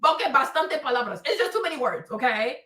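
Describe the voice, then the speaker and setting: A woman hosts a casual gossip stream, her voice high and sweeping all over the place. She talks loudly and dramatically, breaking into shrieks, laughter and Spanish phrases. She sits off from the mic in an echoey room. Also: animated, fast, recorded from a distance. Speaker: livestream host.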